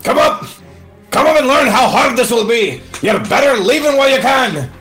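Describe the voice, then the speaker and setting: A man bellowing as an irritable gruff smith. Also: on the high side, very animated, moderate pace, pushed and bright, soft background music, voice pushed up, heavily acted. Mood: furious. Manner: angry bellowing.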